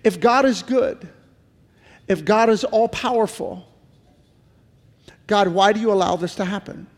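A man's voice: high voice, measured pace, long reverb tail. A middle-aged male pastor giving an earnest sermon, full of repeated pleading questions. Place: church sanctuary.

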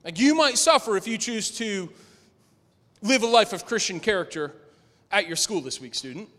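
A man preaching a sermon to a room, rising to loud emphatic lines and dropping to low, quiet asides. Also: lively intonation, normal speed. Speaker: pastor. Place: large room with a congregation. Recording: echoey hall with long reverb.

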